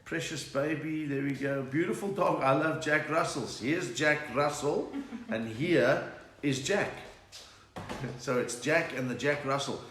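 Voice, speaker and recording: At a measured pace, a middle-aged man with a medium-pitched, fairly bright voice hosts a relaxed live stream from home. He's chatty and full of jokes, reading out viewer names and greetings. The recording sounds roomy and echoey, with a little noise.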